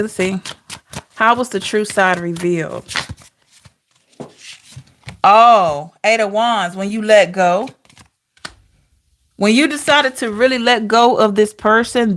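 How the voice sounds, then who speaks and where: A woman giving a casual tarot reading to camera, talking in an expressive, chatty way with rhetorical questions. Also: medium pitch, measured pace, long pauses. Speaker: tarot reader.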